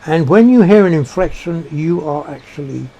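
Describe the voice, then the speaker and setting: A man giving a reflective monologue, halting and searching for words with frequent restarts. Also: a little high, expressive, warm tone. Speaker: speaker sharing personal beliefs.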